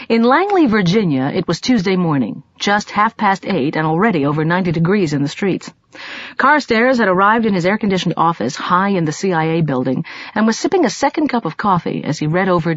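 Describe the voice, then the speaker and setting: A woman narrating an audiobook in an expressive, lively storytelling manner. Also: fairly low pitch, moderate pace, dry recording, lo-fi sound.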